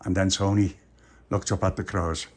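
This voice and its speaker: A man's voice: deep voice, flat delivery, moderate pace, a little mellow. A man telling an improvised children's story in a playful way, with many restarts.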